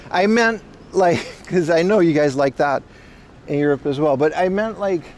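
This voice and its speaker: A Dutch man from the Netherlands streams casually while walking outside, rambling, laughing often, and chatting with his audience. He has a high voice, and slight background noise can be heard.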